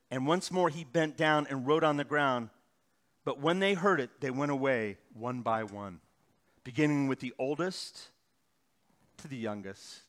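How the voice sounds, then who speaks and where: Delivering a sermon, this middle-aged male pastor speaks at a medium pitch. His delivery swings from forceful, loud emphasis to hushed, unhurried passages.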